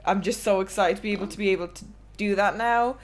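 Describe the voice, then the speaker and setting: A woman's voice: mid-range voice, quick pace. A young woman in her twenties, streamer and podcast host, chatting casually and candidly and telling stories with swearing. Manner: candid, swearing, storytelling with laughs.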